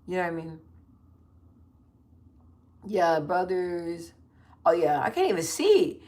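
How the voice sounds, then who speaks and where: A woman's voice: lowish voice, big pitch swings, warm tone. Slangy woman in her thirties on a phone stream. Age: 30s. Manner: loose slangy chat, quick asides to viewers. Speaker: livestream host. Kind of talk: casual livestream chat reading comments.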